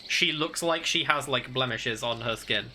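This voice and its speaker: A man narrating as game master in a tabletop game, halting and full of fillers. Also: mid-range voice, bright, forceful tone, a little hiss or hum.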